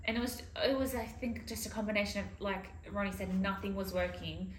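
A woman's voice: medium pitch, brisk, recorded from a distance. A woman speaking candidly and reflectively in casual podcast chat. She sits a little back from the mic in an echoey room, with faint noise underneath. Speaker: co-host.

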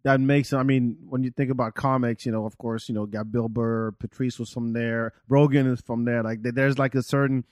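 A man's voice: medium pitch, flat delivery, a little fast, few pauses, darkish tone, no room sound, studio quality. A man hosting a casual podcast, talking in a loose, chatty way and laughing easily. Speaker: podcast host. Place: Texas.

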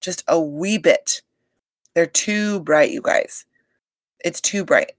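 Speaking slowly in a fairly low voice, a woman records on a desk microphone with no room sound. She recaps a reality show on a casual podcast, gossiping animatedly with heavy swearing and lots of "like" and "you guys."

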